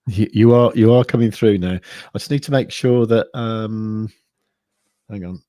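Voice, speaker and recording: A Midlands man hosting a livestream meanders through viewer comments with frequent fillers and restarts. His lowish, mellow voice stays steady at a moderate pace, and his English accent mixes Midlands and southern tones after some years living in France. There's no room sound; the audio is clean studio quality.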